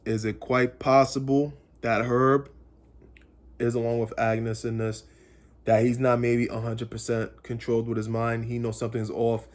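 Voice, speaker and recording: Guy rambling through an episode recap, mid-pitch voice, keeps circling back on his theories. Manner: rambling, speculative, repeats phrases. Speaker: comics channel host.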